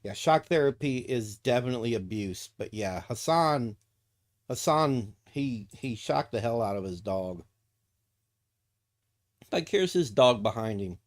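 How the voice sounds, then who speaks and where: A man's voice: medium pitch, lively intonation, measured pace. A man streaming casually, cooing to his dog in baby talk and swearing freely when he rants. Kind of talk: casual live-stream chat.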